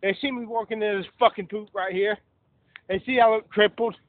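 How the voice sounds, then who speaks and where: A man ranting and swearing as he films himself outdoors and in a fast-food place. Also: sits high, steady tone. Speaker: vlogger. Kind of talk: angry street vlog. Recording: tinny phone-like audio with faint hiss.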